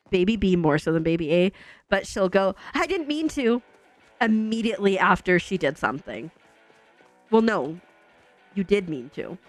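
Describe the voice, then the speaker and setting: A woman streamer telling a long family story in casual, chatty talk full of fillers. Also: on the low side.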